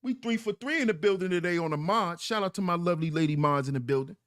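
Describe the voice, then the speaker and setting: Guy ranting on his stream, high voice, repeats stuff for emphasis, calls out chat. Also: quick pace, fairly bright tone. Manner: preachy, emphatic, repeats lines for effect. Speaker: livestream host. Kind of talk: livestream commentary reading chat.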